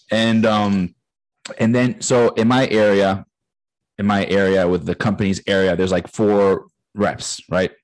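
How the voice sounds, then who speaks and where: Low-voiced man in his thirties, swearing. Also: slow pace, pauses often, no room sound, low-quality recording. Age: 30s. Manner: profane, animated storytelling, acting out quoted dialogue, frequent laughter. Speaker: podcast co-host. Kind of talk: casual chat.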